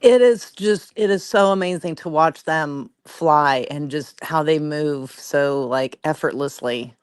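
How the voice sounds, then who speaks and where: A woman's voice: deep voice, measured pace, smooth, dry recording, studio quality. A woman co-hosting a live stream, chatting with enthusiasm in a casual way.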